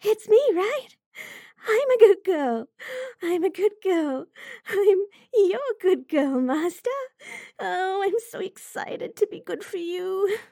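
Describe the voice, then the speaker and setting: A woman's voice: very high voice, takes it slowly, gravelly, dark tone, no echo, studio quality, heavily acted. A young woman voicing a fawning, submissive puppy-girl in an adult audio role-play, giggling and whimpering breathlessly. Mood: eager.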